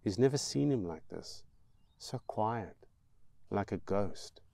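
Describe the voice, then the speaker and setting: A man reading his own novel aloud in slow, measured storytelling. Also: on the low side, expressive, creaky, warm tone. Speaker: author and narrator.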